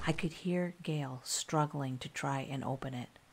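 A woman narrating a scary story in a calm, soft-spoken ASMR style. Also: very deep voice, a little slow, gravelly, few pauses, very noisy.

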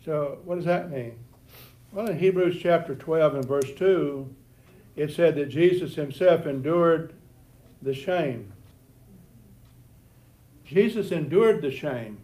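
Guy teaching sunday school to a group, voice a bit high, stumbles and repeats words a lot. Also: a little mellow. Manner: repeats words and restarts, admits a lifelong stutter. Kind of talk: Bible lesson to a class. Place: church classroom before a group.

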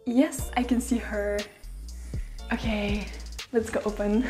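A woman chatting excitedly through a casual unboxing vlog at home, often gasping and exclaiming. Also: mid-range voice, takes it slowly, distant mic, faint music behind. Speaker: vlogger. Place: room at home. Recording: roomy, from the mic, faint noise.

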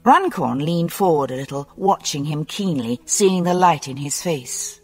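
Slow, expressive audiobook narrator. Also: mid-range voice. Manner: slow, measured and expressive reading. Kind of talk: scripted novel narration. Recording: long hall reverb with soft music. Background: soft music.

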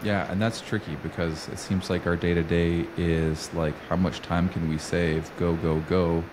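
A podcast host runs a conversational interview in a casual, self-deprecating way, laughing at himself and sometimes losing his words mid-sentence. His voice sits low, with a level tone and moderate pace. The recording is noisy.

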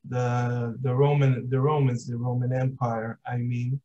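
A man hosting a podcast, speaking casually and haltingly, often restarting his sentences. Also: medium pitch, level tone, dark tone. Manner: halting, restarts mid-thought. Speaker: podcast host. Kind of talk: casual interview conversation. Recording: slightly dull lo-fi sound.

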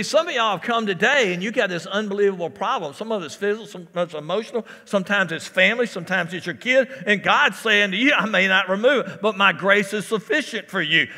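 A man's voice: high-pitched, sharp tone, big-room sound. A man preaching a sermon as a pastor, repeating phrases and calling out to the congregation in a church. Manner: preaching with repetitions and call-outs to the congregation. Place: church sanctuary.

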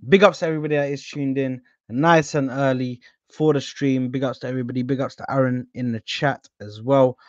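A young man hosting a casual football live stream, full of slang and shout-outs to viewers. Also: medium pitch, fairly even intonation, brisk, no echo, highs cut off. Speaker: host.

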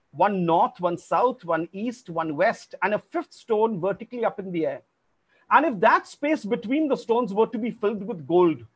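A man's voice: high voice, breathy edge. A man hosting an online family quiz over a video call, formal and polite, calling players sir. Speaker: quizmaster.

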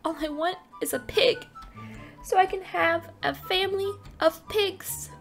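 Playful high-voiced woman gaming, unhurried. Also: gravelly, a bit bright, faint music behind. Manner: playful, keeps saying oink oink oink. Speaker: gaming channel host. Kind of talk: casual Minecraft let's play commentary.

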